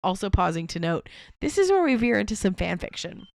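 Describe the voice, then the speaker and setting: A woman's voice: mid-range voice, sing-song, a little fast, gravelly, darkish tone, no echo. A woman co-hosting a podcast, reading a fan story aloud and often breaking into laughter. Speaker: podcast co-host.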